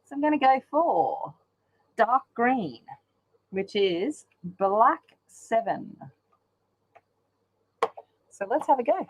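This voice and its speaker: A woman's voice: on the high side, big pitch swings, takes it slowly, long pauses, lo-fi sound. A woman chatting casually while she colours, rambling along with lots of ums. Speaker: colouring channel host. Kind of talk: casual chat while colouring on a live stream.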